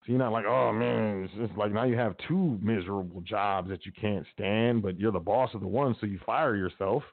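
This podcast host's voice is on the low side and creaky, moving at a moderate pace. He delivers a casual, preachy motivational talk full of repetitive urging, recorded with tinny phone-like audio.

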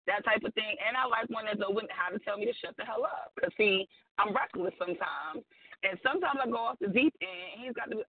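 A woman's voice: medium pitch, fast talker, husky, no room sound. A woman guest talking on a radio chat show, outspoken, blunt and emphatic, with plenty of slang. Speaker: guest author. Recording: tinny phone line.

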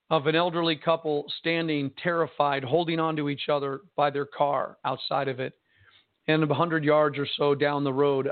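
A man preaching a sermon in a slow, emphatic and impassioned way, repeating his phrases for effect. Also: fairly high pitch, dry recording. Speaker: pastor. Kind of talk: sermon on radio broadcast. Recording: tinny phone-line broadcast.

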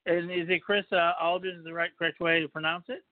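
A man's voice: fairly high pitch, little pitch movement, fast talker, no echo. A man from Chicago hosting a casual interview podcast, rambling with frequent restarts and fillers. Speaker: podcast host. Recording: dry, tinny phone-line sound.

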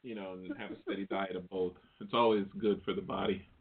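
A man's voice: low-pitched, level tone, fairly quick, crowd noise. A man guest co-hosting a comedy radio show, joking in a laid-back way. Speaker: guest co-host. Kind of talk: casual comedic chat. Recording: tinny phone-like sound.

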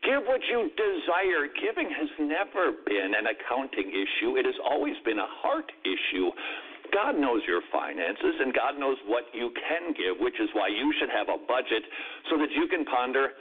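A man's voice: mid-range voice, sing-song, normal speed, slightly rough. A man teaching on a Christian radio show, answering a listener's question in an emphatic, conversational way with wry asides. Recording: phone-like lo-fi radio audio.

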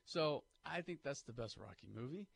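A man, co-hosting sports talk radio on a studio mic, animated and pushing emphatic hot takes. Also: mid-range voice, moderate pace, vocal fry, slightly rough. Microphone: studio microphone.

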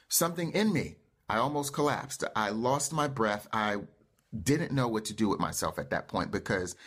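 A man's voice: lowish voice, a bit bright. A man who hosts his own show as a life coach, delivering an emphatic, impassioned monologue that builds into fervent outbursts.

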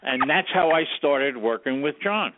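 A man's voice: mid-range voice, unhurried. A man, a former studio sound engineer, telling anecdotes casually in an interview and acting out the dialogue. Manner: animated storyteller who acts out quoted dialogue. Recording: tinny phone-like radio audio.

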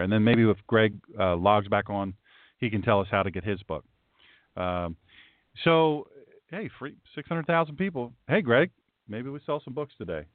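A man's voice: mid-range voice, no room sound. A man who hosts a show as a pastor, teaching scripture in a folksy, emphatic way and talking straight to his viewers. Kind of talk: livestream Bible teaching. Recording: tinny phone-like dry sound.

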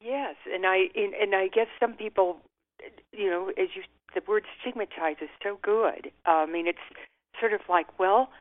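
An older woman being interviewed, speaking candidly and reflectively, often with a soft laugh. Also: mid-range voice, normal speed. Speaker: guest author. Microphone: telephone. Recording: tinny phone line.

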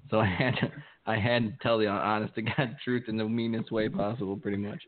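A man's voice: fairly low pitch, little pitch movement, brisk. A young man co-hosting a podcast, telling a story in casual profane chat and laughing often as he talks. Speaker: podcast co-host. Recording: tinny phone-like sound.

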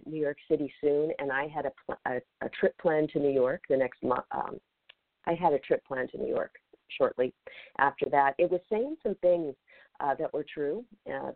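A woman's voice: low-pitched, no room sound. A woman hosting a show, telling a personal story in a rambling, hesitant way. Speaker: podcast host. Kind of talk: casual storytelling. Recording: tinny phone line, dry.

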